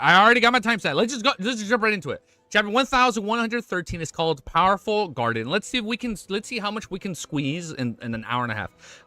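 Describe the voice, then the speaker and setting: Livestreaming, a young man with a medium-pitched voice reads a web novel out loud and talks casually with his chat. He gets excitable and swears freely.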